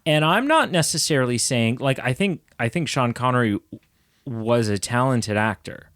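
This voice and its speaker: A man's voice: mid-range voice, lively intonation, fairly bright tone, clear, resonant tone, no room sound. Guy cohosting a movie podcast, punchy and jokey, dead dry sound. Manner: emphatic, quick jokey banter with bursts of laughter. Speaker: podcast co-host. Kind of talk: casual movie review chat.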